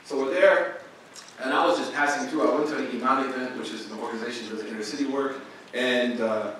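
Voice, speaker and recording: Guy from oklahoma giving a talk, bright lively voice, super echoey hall, mic far away. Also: medium pitch, quick pace, a little hiss or hum. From Oklahoma, USA. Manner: animated, slangy and conversational, acts out other people's lines. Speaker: guest imam and lecturer. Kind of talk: casual storytelling lecture. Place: university lecture room.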